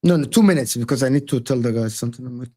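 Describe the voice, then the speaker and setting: A man's voice: medium pitch, very fast, dark tone. A man co-hosting a casual football livestream, giving blunt opinions on players. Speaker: football stream co-host.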